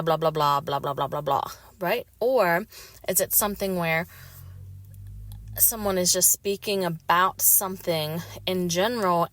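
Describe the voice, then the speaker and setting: A woman's voice: lowish voice, fairly bright tone, no room sound. A woman hosting a solo podcast, talking reflectively in a rambling way with many fillers. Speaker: podcast host.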